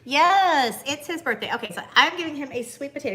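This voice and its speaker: A woman with a high, bright voice chats casually on a live stream. She is bubbly, greets viewers by name and coos to her dog. Faint noise sits behind her. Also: expressive, quick pace. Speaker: livestream host.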